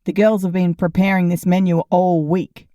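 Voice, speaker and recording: A woman narrator voicing a kind, earnest father who talks eagerly and warmly about his family. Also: fairly low pitch, flat delivery, normal speed, dry recording, studio quality, close to an everyday voice.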